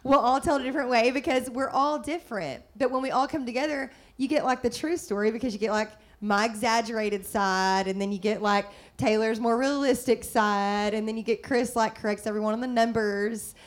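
Woman, middle-aged, chatty co-host, slightly high voice, upbeat with fillers. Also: brisk, few pauses. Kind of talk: casual faith-based chat.

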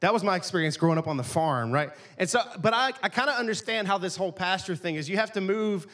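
A pastor delivers his sermon like a chat with friends, full of jokes and asides. His voice sits a little higher than most men's. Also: animated, quick pace, a bit bright. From East Texas, USA. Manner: casual, joking, conversational preaching.

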